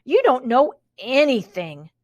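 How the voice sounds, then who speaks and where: A woman's voice: sits high, huge pitch swings, takes it slowly, a little mellow, no echo, dull audio, exaggerated voice. A woman voicing an impatient, bossy young girl in a storybook reading.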